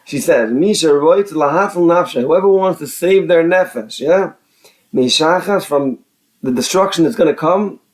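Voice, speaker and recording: A man's voice: fairly high pitch, normal speed. A man teaching a religious text, reading out Hebrew phrases and translating each into casual English, often repeating words and restarting. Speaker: Torah teacher.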